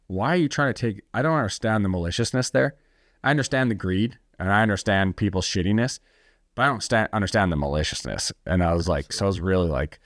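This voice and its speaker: A man's voice: deep voice, fast talker, a bit bright, dry recording, studio quality. A man telling his story as a podcast guest, blunt and intense, swearing freely and often restarting his sentences. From United States. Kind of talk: candid storytelling in a conversation.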